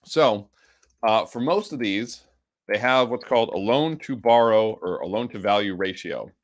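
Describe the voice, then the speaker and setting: A man with the hiccups, teaching a live coding lesson with an enthusiastic, energetic way of explaining. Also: fairly low pitch, normal speed. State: has the hiccups. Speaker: instructor.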